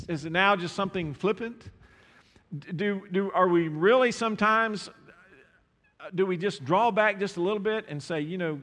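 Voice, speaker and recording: A man preaching a sermon, impassioned, repeating words and swinging from quiet asides to raised exclamations. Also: high voice, normal speed. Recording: long hall reverb.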